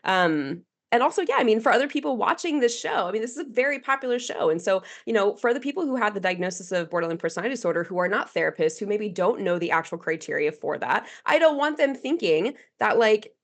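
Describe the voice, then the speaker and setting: A woman's voice: mid-range voice, expressive, fast, few pauses. A woman, a guest therapist, talking candidly in a casual podcast chat, with frequent fillers and laughter.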